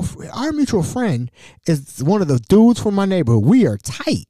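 A man in his forties hosts a podcast and tells a story in a lively, swooping voice. He stammers and repeats words as he goes, with a mellow, dark tone. The sound is dry and close. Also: high voice, normal speed, no room sound. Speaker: podcast host. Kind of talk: storytelling monologue.

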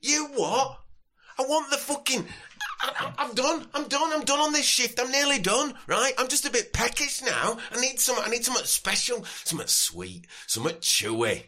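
A man playing a brash, drunk festival guard from Yorkshire, loud and sweary. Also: animated, moderate pace, slight background noise, heavily acted. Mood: drunk, rowdy. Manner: loud, sweary, high-pitched shouting.

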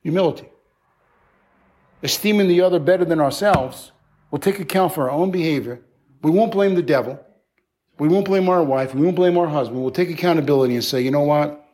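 High-voiced animated male preacher. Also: brisk, long pauses. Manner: animated, conversational preaching with playful acted asides. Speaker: pastor. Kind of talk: sermon.

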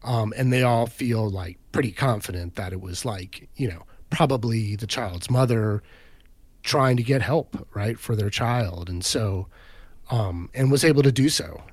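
A man's voice: on the low side, a little slow, no echo. A man casually retelling a story on a podcast, rambling, with lots of "like" and "right?" fillers. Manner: rambling, filler-heavy, says "right?" and "like" often.

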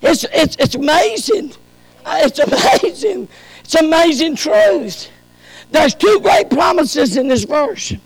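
High-voiced preacher in a reverberant hall. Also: male voice, big pitch swings, takes it slowly. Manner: preaching that swings from shouted peaks to soft low passages. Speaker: pastor. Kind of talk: sermon.

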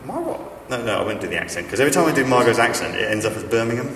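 A man's voice: mid-range voice, racing, fairly bright tone, recorded from a distance, a little hiss or hum. A man giving a chatty sermon full of stories, with a self-deprecating humor and plenty of fillers and restarts. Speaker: preacher. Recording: echoey hall, speaker off-mic.

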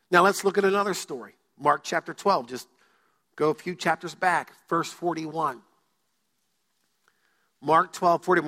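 A male pastor preaching a sermon in a church, joking with the congregation and using dramatic pauses. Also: high voice, sharp tone. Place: church sanctuary. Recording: long hall reverb.

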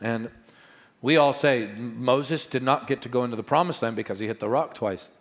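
A middle-aged male pastor preaching a sermon, swinging between loud proclamations and quiet asides. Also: medium pitch, normal speed, big-room sound.

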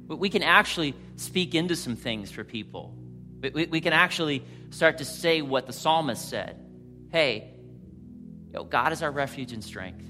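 A pastor preaching a sermon with passion, rising to loud emphasis and then dropping to a quiet, intimate tone. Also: male voice, medium pitch.

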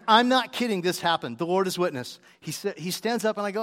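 A married man preaching, telling a story with animated delivery and acted-out dialogue. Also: high voice, fast, big-room sound. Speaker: pastor. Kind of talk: sermon with personal story.

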